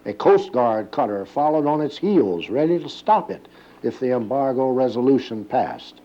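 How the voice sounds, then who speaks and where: A man narrating a documentary from a script in a measured, even way. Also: mid-range voice, muffled recording.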